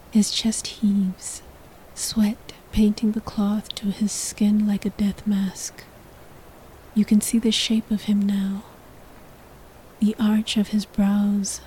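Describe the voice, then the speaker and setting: A woman tells a second-person story in a whispered role-play, every line hushed and breathy. She takes her time, and her mellow whisper barely rises or falls. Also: medium pitch, a little hiss or hum, rough recording.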